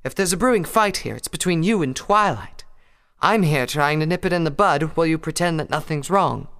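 A man's voice: fairly high pitch, a little fast, a bit bright, clean tone, voice pushed up. A man voicing a refined, fussy female pony who talks in a genteel, dramatic way, read as a storybook. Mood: chiding. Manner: genteel, prim, dramatic phrasing. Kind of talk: fan fiction audiobook reading. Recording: long hall reverb.

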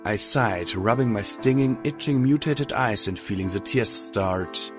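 A man narrating an audiobook in a steady first-person reading. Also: fairly low pitch, moderate pace, few pauses, faint music behind.

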